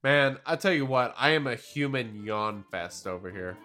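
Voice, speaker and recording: A man co-hosting a casual podcast, agreeing readily and chiming in with quick remarks. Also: mid-range voice, lively intonation, bright, forceful tone. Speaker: podcast co-host.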